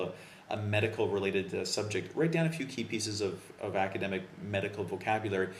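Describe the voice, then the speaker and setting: Low-voiced man teaching in an echoey room. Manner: relaxed, thinking aloud with fillers and restarts. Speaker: English test coach. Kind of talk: video lesson explaining exam phrases. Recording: roomy echo with faint background noise.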